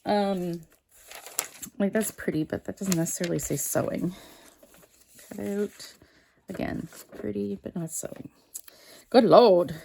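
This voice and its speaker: A woman's voice: medium pitch, measured pace, creaky, long pauses, mellow, slight background noise. A woman in her home art studio chatting casually to viewers while sorting craft papers, rambling and losing her train of thought. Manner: rambling, self-interrupting, talks to viewers. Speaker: art vlogger.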